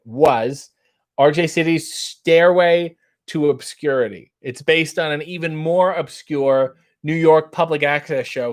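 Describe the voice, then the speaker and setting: Man, thirties, casual host chat, wry and animated, slightly high voice. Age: 30s. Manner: animated, wry, jumps up in pitch when reading comments. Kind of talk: casual chat reading viewer comments.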